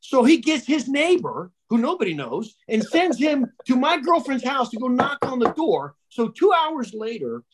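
A man's voice: extremely high pitch, very animated, moderate pace, hardly any pauses, noisy background. A man telling a story in a casual podcast chat, restarting his sentences and repeating words as he goes. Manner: rambling, repeats words, acts out quoted voices.

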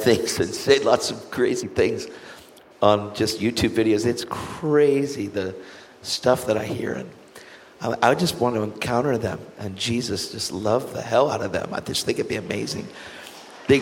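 A man speaking as an evangelist guest, giving an impassioned, earnest testimony full of quick restarts and acted-out dialogue. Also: medium pitch, in a large hall, a little hiss or hum. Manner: earnest, animated, frequent restarts, acts out quoted dialogue.

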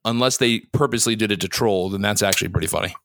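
A man hosting a podcast in casual chat, asking teasing, probing questions with quick restarts. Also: on the low side, vocal fry, fairly bright tone, slight background noise. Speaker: podcast host.

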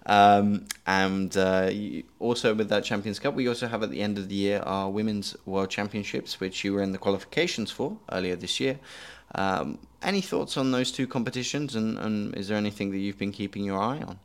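A man's voice: lowish voice, brisk, hardly any pauses, clean tone. A man hosting a podcast, chatting casually with a guest and making dry jokes. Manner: dry joking asides. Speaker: podcast host. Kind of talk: casual interview chat.

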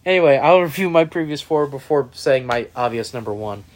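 A man's voice: mid-range voice, lively intonation, a little fast. A young man co-hosting a casual sports podcast, joking and laughing at his own picks. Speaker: podcast co-host.

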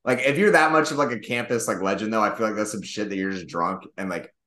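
A man's voice: lowish voice, quick pace, sharp tone. A man co-hosting a podcast, telling rambling, profane sports stories and acting out quotes. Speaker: podcast co-host. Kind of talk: casual sports chat.

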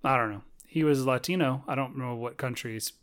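A man's voice: medium pitch, brisk, fairly bright tone. Blunt grumbling podcast co-host man. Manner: blunt, grumbling opinions with short asides. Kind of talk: casual movie review chat.

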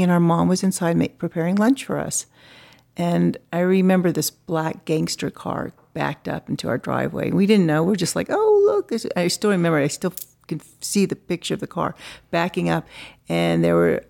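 Middle-aged woman, interview guest, chatty and filler-heavy, a bit of fry in the voice. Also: fairly low pitch, a little mellow. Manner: chatty, lots of "you know" fillers, acts out quoted voices. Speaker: artist guest. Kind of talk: casual interview storytelling.

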